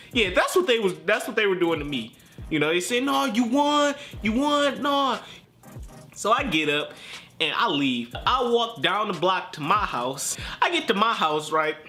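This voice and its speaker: Animated, high-voiced young man telling a story. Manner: animated, slangy, self-mocking. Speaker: vlog host. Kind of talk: storytime narration.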